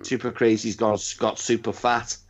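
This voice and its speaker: A man's voice: medium pitch, flat delivery, moderate pace. A man hosting a casual wrestling chat, rambling, swearing often and repeating his words. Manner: rambling, profane, repeats himself. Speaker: podcast host. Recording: dull lo-fi recording.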